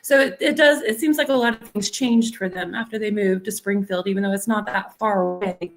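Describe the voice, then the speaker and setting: A woman's voice: medium pitch, brisk. A woman, a guest in a casual conversation, easygoing and thinking aloud. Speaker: livestream guest.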